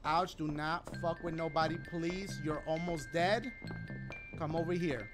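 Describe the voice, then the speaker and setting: A man giving casual let's-play commentary over a game, slangy and animated, with sudden loud exclamations. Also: a little high, a little slow. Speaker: gaming commentator. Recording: game music playing underneath.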